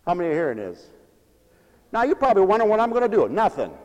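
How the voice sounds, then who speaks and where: High, animated preacher in an echoey church. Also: male voice, very fast. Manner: animated, playful, repetitive preaching with call-and-response. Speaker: pastor. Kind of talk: sermon.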